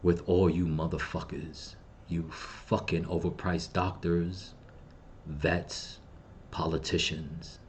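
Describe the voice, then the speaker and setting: Deep-voiced man ranting in grief. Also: flat delivery, slow pace, a little hiss or hum. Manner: grieving, bitter, profane ranting. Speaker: channel host. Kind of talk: angry personal vlog rant.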